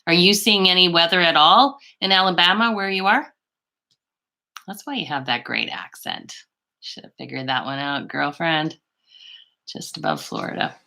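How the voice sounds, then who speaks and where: Low, bright-toned chatty woman. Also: animated, normal speed, gravelly. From Canada. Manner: chatty, rambling, gushing, frequent little laughs. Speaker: beauty livestream host. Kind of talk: casual live chat with viewers. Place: home bedroom. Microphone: laptop microphone.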